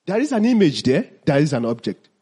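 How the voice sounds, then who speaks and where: A man's voice: on the high side, very animated, brisk, warm tone, husky. A man teaching mindfulness to an audience, asking them questions and then answering them himself.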